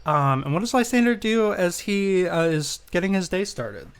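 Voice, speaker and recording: Male game master, gravelly voice, fairly high pitch, loose narration, lots of ums. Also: animated, normal speed. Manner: filler-heavy, enthusiastic praise.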